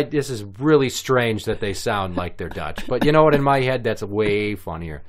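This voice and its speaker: Low voiced guy on a podcast, crude and swearing, riffing away. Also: moderate pace, hardly any pauses. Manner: crude, profane, animated riffing. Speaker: podcast co-host. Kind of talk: casual podcast chat.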